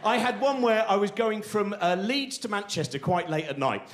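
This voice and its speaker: Male stand-up comic, live on stage; excitable, self-interrupting storyteller with a lively, higher-pitched voice. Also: normal speed. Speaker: stand-up comedian. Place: theatre stage before a live audience.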